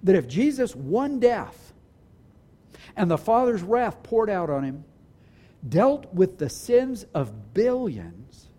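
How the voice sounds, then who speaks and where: Preaching in a church hall, this pastor's high, sing-song voice swoops widely in melody while remaining warm and mellow. Earnest throughout, he restarts phrases clumsily and draws out the words he means to emphasize.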